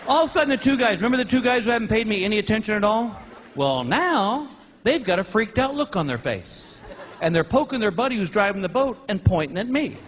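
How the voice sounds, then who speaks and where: Middle-aged male stand-up comic, high and expressive voice, live show with crowd noise. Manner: animated storytelling with loud whooping outbursts. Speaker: stand-up comedian. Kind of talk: stand-up comedy set.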